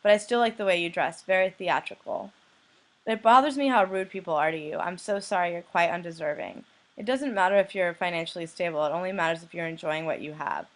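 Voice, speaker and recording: A young woman from the United States, a blogger who reads anonymous messages aloud in a flat, deadpan way. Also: fairly low pitch, a little fast. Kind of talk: reading messages aloud to camera.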